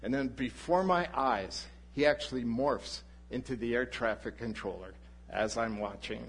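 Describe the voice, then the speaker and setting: A male pastor preaching a sermon, telling a personal story in an animated way and acting out the people in it. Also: mid-range voice, moderate pace. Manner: animated anecdote, voices the people in his story.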